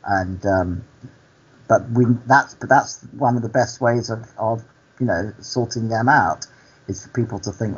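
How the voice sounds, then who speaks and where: Husky man telling stories earnestly. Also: fairly low pitch, lo-fi sound. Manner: earnest, unhurried storytelling. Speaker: actor and activist guest. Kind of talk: candid conversational interview.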